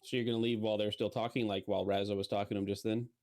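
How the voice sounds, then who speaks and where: A man running a tabletop game as dungeon master, asking the players measured questions. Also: fairly low pitch, level tone, darkish tone.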